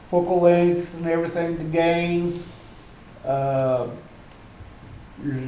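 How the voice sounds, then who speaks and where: A man presenting at a club meeting, slowly and haltingly reading through software menu settings. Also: on the high side. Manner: slow, halting, reads off menu items. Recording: roomy meeting hall, faint hum.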